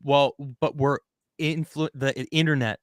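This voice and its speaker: A man hosting a casual podcast chat, talking in an animated, rambling way and acting out the people he quotes. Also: a little high, moderate pace, no room sound, clean studio sound. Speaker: host.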